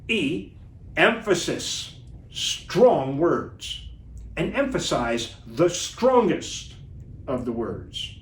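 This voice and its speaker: A man coaching viewers as a communication trainer in an instructional video talk, deliberate and animated. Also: on the high side. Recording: echoey room, distant mic.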